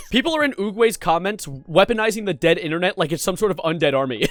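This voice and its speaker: A man's voice: a little high, animated, fast, a bit bright, no room sound, studio quality. A man commenting on internet drama in a sarcastic, incredulous way, often breaking into laughter. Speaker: YouTube commentator.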